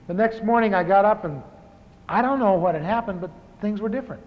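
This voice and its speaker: A pastor in his fifties tells his own testimony with humor, talking like he's chatting with friends and often restarting his sentences. His voice sits high for a man. It rings through a large hall on a dull, lo-fi tape. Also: a little fast. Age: 50s. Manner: conversational storytelling with restarts.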